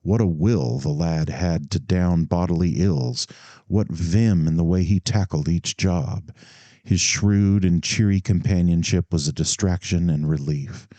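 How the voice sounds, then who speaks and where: A man reading a classic novel aloud as an audiobook narrator in a measured storytelling manner. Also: deep voice, warm tone, no room sound. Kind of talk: scripted narration.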